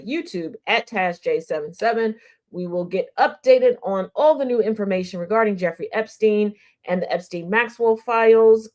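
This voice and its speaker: A woman hosting an internet radio show, chatting casually with her audience, teasing them and laughing often. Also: fairly high pitch. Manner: talks straight to the audience. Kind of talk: casual livestream chat.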